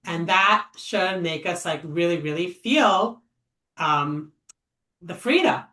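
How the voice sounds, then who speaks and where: A woman's voice: fairly low pitch, lively intonation, slow, sharp tone. A woman leading an informal text study class, chatty and thinking aloud with many fillers and rhetorical questions. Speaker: Torah study teacher. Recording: echoey room, voice a bit far from the mic.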